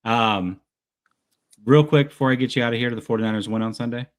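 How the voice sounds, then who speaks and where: A man's voice: medium pitch, fast talker. A man hosting a sports call-in show, casual and enthusiastic, heaping praise on his callers. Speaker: podcast host taking calls.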